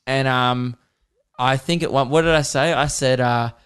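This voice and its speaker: A man's voice: mid-range voice, fairly even intonation, a little slow, fairly bright tone, smooth. An Australian man in his twenties hosting a podcast, telling rambling, profane comic stories in a casual chat. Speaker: podcast host.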